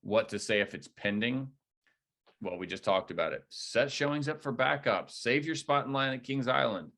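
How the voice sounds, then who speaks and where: A man leading a real estate agent training, coaching in a direct, energetic way. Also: medium pitch, normal speed, gravelly. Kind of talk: training debrief talk.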